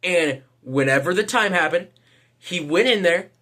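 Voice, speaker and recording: A man's voice: high-pitched, animated, unhurried, pushed and bright. A man giving casual vlog commentary, hesitant, with lots of fillers and casual swearing. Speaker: vlogger.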